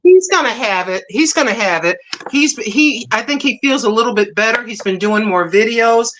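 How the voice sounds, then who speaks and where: A woman from Puerto Rico hosting a casual livestream chat, talking in an excited, effusive way and repeating herself. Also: fairly high pitch, normal speed, slight background noise. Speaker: livestream host.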